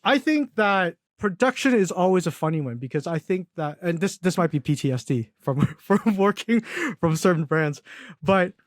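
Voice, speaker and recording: A man's voice: high-pitched, lively intonation, moderate pace, dry recording. A young man chats as a podcast guest, his slightly raised voice tumbling through ums, false starts and self-amused asides. The sound is dry and close, with no room around it. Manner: rambling, many fillers and restarts, laughs at own stories. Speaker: podcast guest, agency founder. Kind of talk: casual interview chat.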